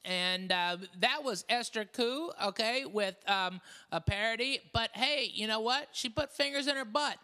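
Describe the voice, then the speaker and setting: A man's voice: very high-pitched, unhurried, few pauses, pushed and bright, clean tone. A man co-hosting a podcast, bantering in a crude, profane, boisterous way. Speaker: podcast co-host. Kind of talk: casual comedic chat.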